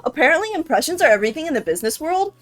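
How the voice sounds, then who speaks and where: A woman's voice: sits high, very animated, racing, fairly bright tone. Slangy, giggly young woman streamer. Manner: chatty, joking, slangy, laughs often. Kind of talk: casual let's-play commentary, reading a visual novel aloud. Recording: faint music behind.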